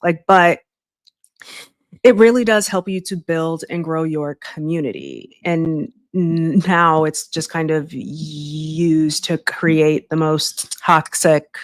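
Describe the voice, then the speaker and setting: Woman, podcast host, low voice, chatty and searching, dry close sound. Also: animated, takes it slowly, no room sound. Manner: chatty, many fillers and restarts, laughs easily. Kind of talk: conversational interview.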